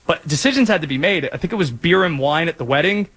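A man from North Carolina hosting a sports talk show, chatting in a lively, jokey way with asides. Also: on the high side, fast talker. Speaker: sports radio host.

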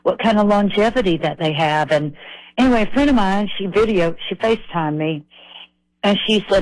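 A middle-aged woman from Tennessee, a country singer telling rambling, animated anecdotes as a guest. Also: lowish voice, a little fast, no echo, rough recording. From Nashville, Tennessee. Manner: chatty, rambling, animated retelling.

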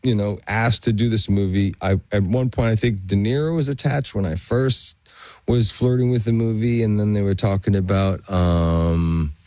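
A man, an actor and guest, casually telling animated anecdotes and laughing as he recalls them. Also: fairly low pitch, normal speed, no echo. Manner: animated storyteller, laughs through his anecdotes.

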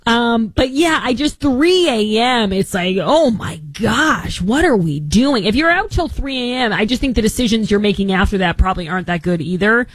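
A woman's voice: on the high side, lively intonation, moderate pace, hardly any pauses, no echo, poor audio. A woman hosting a talk radio show from Massachusetts, chatting casually with frequent restarts and firm opinions.

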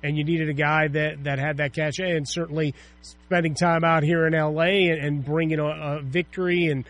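A man co-hosting a sports talk show with a slightly high voice. He makes his points with emphasis in a relaxed, conversational way. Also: normal speed. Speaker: sports radio co-host.

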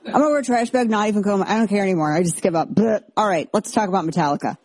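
A woman in her thirties hosting a commentary show, talking in a chatty, sarcastic style with animated asides. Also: mid-range voice, racing, husky, no echo. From Texas. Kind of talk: casual opinion monologue. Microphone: headphones on, close mic.

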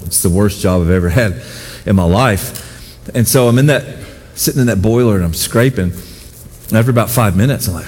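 A middle-aged man preaching a sermon as pastor, telling personal stories with self-deprecating humor and animated voices for the people he quotes. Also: fairly low pitch, brisk, pauses often, in a large hall, a little hiss or hum.

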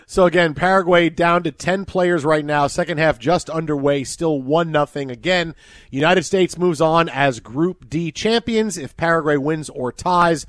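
A male sports radio host tells stories in a casual, animated way. His voice sits high for a man and climbs even higher when he gets excited. The studio sound is dry and close. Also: a little slow, no echo.

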